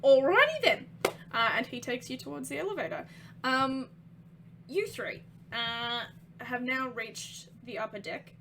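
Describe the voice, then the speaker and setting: A woman narrating a tabletop game as game master, halting with many ums. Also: a little high, bright, forceful tone, a little hiss or hum, low-quality recording.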